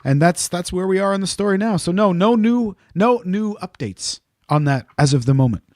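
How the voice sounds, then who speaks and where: A man's voice: high voice, lively intonation, moderate pace, darkish tone, no echo, clean studio sound. A man co-hosting a podcast, chatty and playful, leading the talk. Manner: chatty, playful, leads the conversation. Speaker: podcast co-host. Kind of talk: casual podcast chat.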